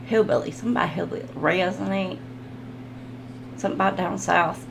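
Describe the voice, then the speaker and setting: A woman's voice: lowish voice, steady tone, a little fast, vocal fry, echoey room, background noise. A woman giving a casual tarot reading, rambling, giggling and reading card text aloud. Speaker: tarot reader.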